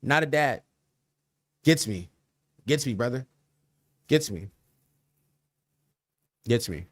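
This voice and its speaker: A man's voice: medium pitch, animated, slow pace, no echo. A young man hosting a livestream podcast, talking loosely in slang and reacting to chat with laughs.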